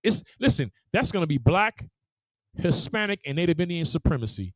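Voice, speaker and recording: Animated preacher, high swooping voice, dry room, laughs and acts out voices. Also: male voice, fairly quick, dry recording, rough recording. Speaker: religious teacher. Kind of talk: lively preaching to a congregation.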